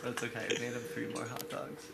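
Young dude rambling a goofy story, lots of noise around him. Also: male voice, mid-range voice, completely flat delivery, fast, gravelly. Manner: rambling, laughing. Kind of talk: casual storytelling among friends.

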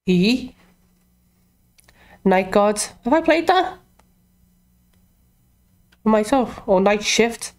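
A young woman YouTuber comments casually on a horror game, talking to herself and shrieking whenever she's scared. Her medium-pitched voice is expressive, and she speaks very slowly with long pauses.

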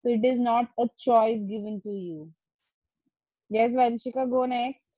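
A woman's voice: on the high side, steady tone, a little slow, warm tone, no echo. A woman teacher, giving instructions to her class over a video call and repeating herself to make her point. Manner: firm, repeats and rephrases instructions. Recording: muffled lo-fi call audio.

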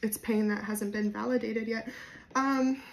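A woman with a New Jersey accent giving a casual, spontaneous tarot reading to camera, swinging between soft musing and loud bursts. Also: fairly high pitch, fairly even intonation, unhurried, creaky. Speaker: tarot reader.

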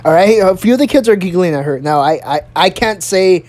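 A young adult in their early twenties telling a school story in a profane, animated, rambling way. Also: mid-range voice, fairly quick. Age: early 20s. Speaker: vlogger. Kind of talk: storytime vlog.

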